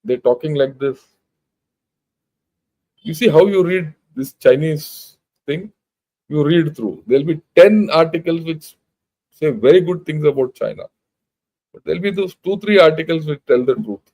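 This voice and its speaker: A man's voice: a little high, lively intonation, normal speed, long pauses, darkish tone, low-quality recording. Emphatic older Indian man lecturing. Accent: Indian English. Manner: emphatic, blunt, rhetorical questions. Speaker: retired army general giving a talk. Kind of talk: informal lecture.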